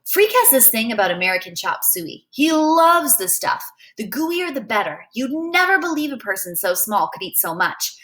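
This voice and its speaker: A woman reading a novel aloud as a first-person storyteller, in an expressive way. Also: a little high, normal speed, hardly any pauses. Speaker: reader.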